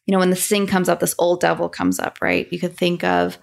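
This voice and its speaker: A woman with a gravelly, fry-edged voice co-hosts a casual self-help chat. She coaches through everyday examples, steady and conversational. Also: fairly low pitch, fairly quick. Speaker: podcast co-host.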